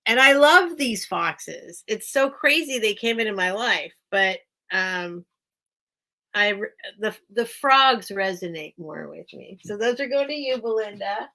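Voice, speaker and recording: A woman hosts an informal live-stream sale from a small room at home, a towel blocking the gap under the door. Her medium-pitched voice has lively intonation and a sharp tone, and she speaks unhurriedly, chattering, drifting off topic, and laughing frequently.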